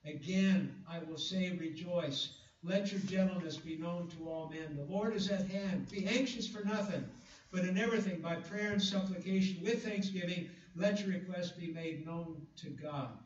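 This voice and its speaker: A high-voiced man preaching a sermon, drawing out scripture lines with slow emphasis and stumbling now and then on fillers. He sounds far from the mic in a very echoey room. The recording is dull and muffled. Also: slight background noise. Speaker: pastor.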